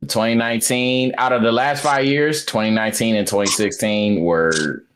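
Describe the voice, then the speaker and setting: A man's voice: fairly low pitch, steady tone, normal speed, a bit bright, a little hiss or hum. A man co-hosting a podcast in casual chat, blunt, profane and opinionated. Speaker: podcast co-host.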